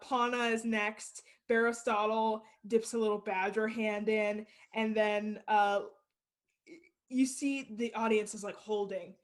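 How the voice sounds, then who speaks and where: A woman narrating as game master of a tabletop role-play, casual with many fillers. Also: fairly high pitch.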